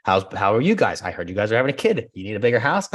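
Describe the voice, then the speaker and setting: A man guest on a podcast, talking casually and laughing often, acting out conversations in lively quoted voices. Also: fairly low pitch, very fast. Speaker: podcast guest, real estate agent. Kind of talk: casual interview chat.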